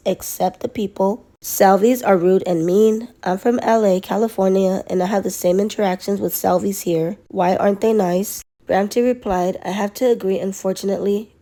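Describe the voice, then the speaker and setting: A woman host recapping a story and reading viewer comments out loud, matter-of-fact and steady. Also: mid-range voice. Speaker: gossip commentator.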